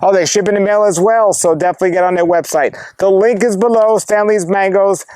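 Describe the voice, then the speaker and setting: A man with a fairly high voice hosts with upbeat energy, cheerful and encouraging as he closes the show. The sound is dry and close to the mic. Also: fairly quick, a little mellow, smooth, no room sound. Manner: upbeat, enthusiastic presenter. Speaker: host of a fruit-growing channel. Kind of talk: interview and sign-off.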